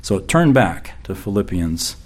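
A man's voice: low voice, sing-song. Man preaching a verse-by-verse sermon. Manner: reads scripture aloud slowly and emphatically, repeats phrases. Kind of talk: expository sermon.

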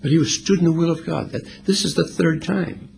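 A man's voice: fairly high pitch, fairly quick, gravelly, a little hiss or hum. A man preaching a sermon, explaining scripture and Greek words in an expository style. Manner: expository preaching with lively, animated delivery. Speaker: pastor.

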